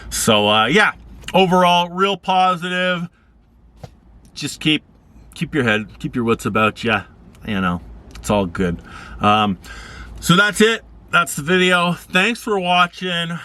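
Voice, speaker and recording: A man's voice: takes it slowly, long pauses, sharp tone. A man telling casual stories in a rambling, laid-back way on a vlog. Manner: rambling, laid-back, acts out quoted people in higher voices. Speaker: vlogger. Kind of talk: casual storytelling.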